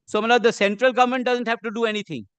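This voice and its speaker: A man with an Indian English accent, arguing a case before a judge in measured, deferential courtroom speech. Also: very high-pitched, steady tone, a bit bright, clean tone, no room sound. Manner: measured and deferential, says "my lord" constantly. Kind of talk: formal courtroom argument.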